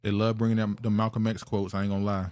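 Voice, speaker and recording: A man's voice: on the low side, little pitch movement, fast, a little mellow. A man from Maryland hosting a podcast, giving wry, laughing commentary in casual chat. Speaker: podcast host.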